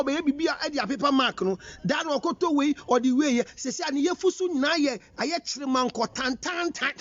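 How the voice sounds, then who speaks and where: A man's voice: extremely high pitch, brisk, hardly any pauses, a bit bright, lo-fi sound. A Ghanaian man giving an emphatic counseling talk, scolding his listeners with rhetorical questions. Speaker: relationship counselor. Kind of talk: counseling talk mixing English and Twi.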